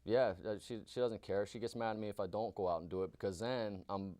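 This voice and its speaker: A man's voice: on the low side, steady tone, brisk, a little mellow, dry recording. A man and stand-up comedian, first answering interview questions, then doing a profane, rambling, self-mocking set in a small comedy venue on a handheld mic. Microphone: handheld stage mic.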